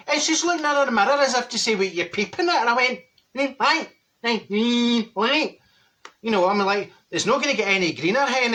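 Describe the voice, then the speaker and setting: A brash Glaswegian woman of a certain age, played by a man, holds forth in a comic monologue to camera. Her voice is bright, and her gossipy, swooping delivery breaks into laughter mid-sentence. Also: high-pitched. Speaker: comedy character monologue.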